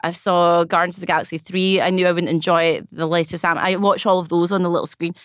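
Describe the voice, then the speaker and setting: A woman, chatting casually on a podcast, self-mocking and quick to laugh. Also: lowish voice, flat delivery, clean tone, dry recording, clean studio sound. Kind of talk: casual chat.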